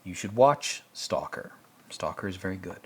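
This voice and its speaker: A man's voice: low voice, lively intonation, moderate pace, noisy background. Rambling, stammering male film commentator. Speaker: host.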